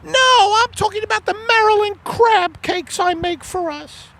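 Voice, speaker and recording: A man voicing a pushy middle-aged wife in a high squealing falsetto. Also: animated, normal speed, a bit bright, slight background noise, full character voice. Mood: shrill nagging. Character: shrill nagging middle-aged wife Margaret.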